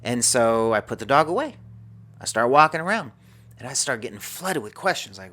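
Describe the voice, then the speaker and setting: A man's voice: medium pitch, expressive, moderate pace, sharp tone. A man as a podcast guest, telling a personal story and acting out his own inner dialogue.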